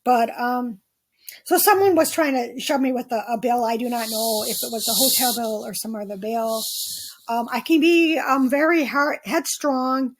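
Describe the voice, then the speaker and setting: This woman, not aged 27, hosts a podcast where she casually talks through her dream journal, rambling with many ums and restarts. She speaks at a moderate pace in a voice on the high side.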